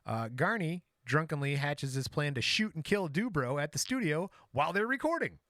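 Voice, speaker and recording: A man tells a music-history crime story in casual podcast banter, his voice sitting a little high. The sound is dry and close, with no room around it. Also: very animated, normal speed, a bit bright, dry recording. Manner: retells the story acting out quotes, laughs often. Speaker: podcast co-host.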